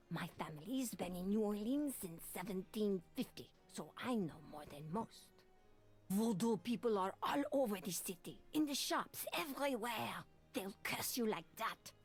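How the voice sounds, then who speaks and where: A superstitious old Creole woman in a point-and-click mystery game, with a French-tinged Creole English accent. Her voice is breathy and husky and keeps sinking to a hush, over faint background music. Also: medium pitch. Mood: confiding. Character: fearful elderly Creole woman, superstitious and secretive.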